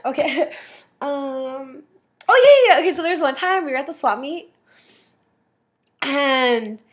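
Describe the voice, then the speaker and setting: A woman's voice: high voice, animated, a little slow. A young woman recording a casual, rambling graduation message to her sibling, giggling and using lots of filler words.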